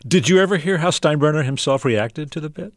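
A man hosting an interview, setting up clips in a measured, explanatory way. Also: a little high, animated, no echo, studio quality. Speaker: interview host. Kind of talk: radio interview.

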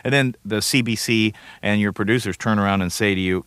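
A man's voice: fairly low pitch, fairly quick, fairly bright tone. A comedian from Canada in his forties, giving rambling, wry, self-deprecating interview answers. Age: 40s. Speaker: comedian guest.

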